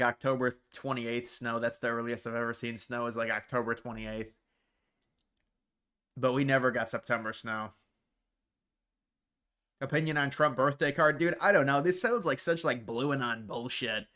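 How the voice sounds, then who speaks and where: A man's voice: mid-range voice, bright, forceful tone. A man from Ohio hosting a casual livestream, rambling bluntly through viewer questions with frequent restarts. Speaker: livestream host.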